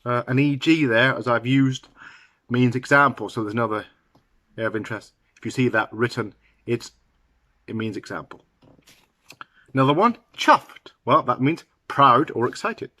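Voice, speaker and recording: A man teaching English idioms to learners, talking slowly and halting now and then with fillers and restarts. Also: mid-range voice, expressive, sharp tone, dry recording.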